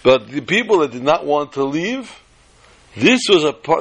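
A man teaching an informal Torah class, telling jokes and stories with lively jumps in pitch for emphasis. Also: normal speed, slightly rough. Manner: animated storyteller who jumps to high pitch for emphasis.

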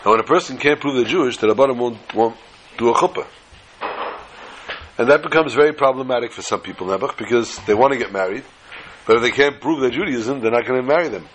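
A man's voice: mid-range voice, fast talker, fairly bright tone, a little hiss or hum, poor audio. A man telling a folk tale in a chatty, digressive way, sprinkling in Yiddish phrases and asides. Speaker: storyteller. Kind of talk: folksy storytelling with Yiddish phrases.

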